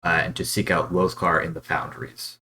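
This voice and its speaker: Low-voiced man running a tabletop game, halting, filler-heavy narration. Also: level tone, pushed and bright. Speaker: game master.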